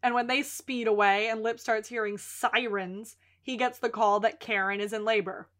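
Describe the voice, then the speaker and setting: A woman co-hosts a casual podcast, recapping a series. Her voice sits a touch high and rings bright and sharp. She acts out each character's lines with lively storytelling. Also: normal speed. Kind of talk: casual chat.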